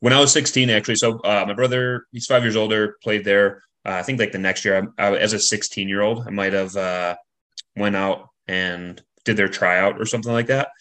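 A man with a fairly low voice co-hosts a hockey podcast in an easygoing way. He asks loose questions with plenty of pauses and fillers. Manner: relaxed, easy laughter, filler-heavy questions. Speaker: podcast co-host. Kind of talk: casual interview chat.

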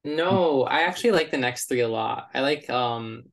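Podcast cohost guy, gravelly fry in his voice, eager and chatty. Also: mid-range voice, expressive, normal speed. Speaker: podcast co-host. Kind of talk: casual chat.

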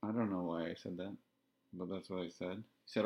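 On his podcast, a man from Canada tells a personal story in a very deep, steady voice with vocal fry. His delivery is candid and reflective, with halting pauses as he looks for the right words, and the recording is dull and lo-fi.

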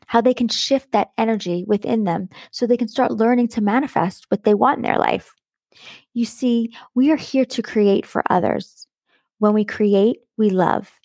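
A woman's voice: medium pitch, darkish tone, no room sound, studio quality. A middle-aged woman hosting her own podcast, talking in an enthusiastic, affectionate way and stretching words for emphasis. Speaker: podcast host. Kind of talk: warm motivational podcast monologue.

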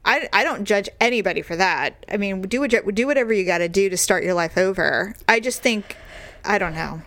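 A woman's voice: brisk, no echo. Chatty woman co-host, gossipy storyteller, dry close sound, big swings into put-on voices. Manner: animated, jumps into high put-on voices when quoting people. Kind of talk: casual chat, storytelling.

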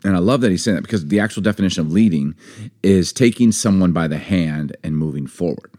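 A man in his forties co-hosting a casual chat about a book, rambling and animated with lots of fillers. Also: low-pitched, fast talker. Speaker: podcast co-host.

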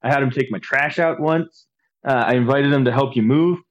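A man's voice: mid-range voice, fairly quick. A man in casual podcast chat, rambling and hesitant, with many fillers. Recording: slightly dull lo-fi sound.

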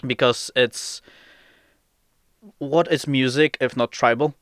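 Man, clear smooth voice, halting earnest talk, dry close mic. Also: mid-range voice, fairly even intonation, a bit bright, no echo. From Poland. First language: Polish. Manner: earnest, halting, repeats words. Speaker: podcast co-host. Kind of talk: casual chat.

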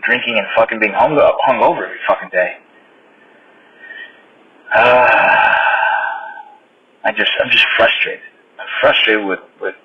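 A man's voice: medium pitch, slightly rough. A man hosting his own podcast, giving a blunt, frustrated motivational rant full of swearing. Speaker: podcast host. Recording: slightly dull sound with faint noise.

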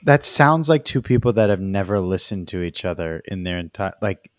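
A man who is a comedian guest on a movie podcast, animated, incredulous and joking. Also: low-pitched, moderate pace, dry recording, studio quality. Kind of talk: casual movie-review chat.

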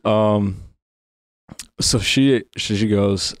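A man's voice: low-pitched, normal speed, a little mellow, no echo, studio quality. A man on a tabletop game podcast, telling a long crude joke in a loose, rambling way. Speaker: player. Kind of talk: casual podcast chat.

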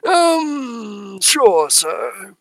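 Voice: mid-range voice, very animated, extremely slow, vocal fry, voice pushed up, heavily acted. A game master voicing Milhouse, an aging, polite and tough male enforcer in a tabletop game, who calls everyone "sir". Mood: weary. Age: older. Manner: deferential, says "sir" often.

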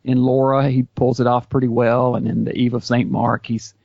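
A man with a gravelly edge to his voice chats eagerly about old films, piling up details and restarting his sentences. His voice sits close and dry, and the sound is a bit dull and lo-fi. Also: medium pitch, little pitch movement, moderate pace, no echo. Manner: knowledgeable, enthusiastic, with restarts. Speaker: YouTube series host, guest. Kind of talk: casual podcast chat.

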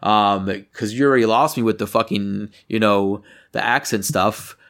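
A man co-hosting a podcast, chatting casually about a film, rambling and swearing and getting animated when something annoys him. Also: on the low side, moderate pace, gravelly. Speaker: podcast co-host. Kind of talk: casual movie review chat.

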